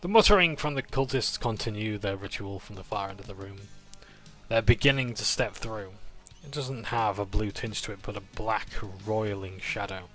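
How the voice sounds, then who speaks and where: A man's voice: on the low side, normal speed, fairly bright tone, soft background music. A man recapping a tabletop game session in a casual, rambling way. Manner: rambling, with fillers and restarts.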